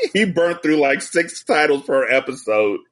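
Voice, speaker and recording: A man's voice: fairly high pitch, fairly bright tone. A man as a podcast guest, telling stories and jokes in a profane casual chat over a video call. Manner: joking, profane storytelling.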